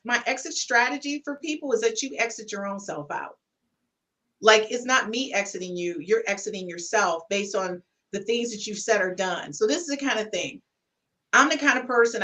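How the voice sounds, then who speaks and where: Bright, emphatic woman podcast host. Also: a little high, distant mic. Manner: emphatic, preachy, folksy. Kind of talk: casual panel talk.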